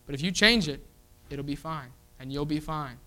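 Bright-voiced man preaching a sermon. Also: on the high side, normal speed, rough recording. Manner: emphatic, repeating "you know what?" as a hook and acting out quoted voices.

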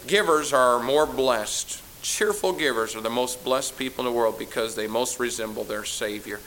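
A male pastor preaches a sermon to his congregation in a mid-range, fairly bright voice at a moderate pace. He sounds tired, hammers his points home by repeating phrases, and carries a teasing, sarcastic edge. The recording is rough, with a little hiss or hum.

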